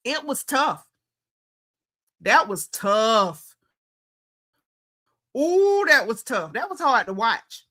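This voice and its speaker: A young woman with a bright, fairly high voice gives a chatty reality-TV recap. She talks straight to her audience and tells the story with lively, opinionated flair. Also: extremely slow, pauses often. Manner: animated, conversational, talks straight to viewers. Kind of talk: casual reality-show recap commentary.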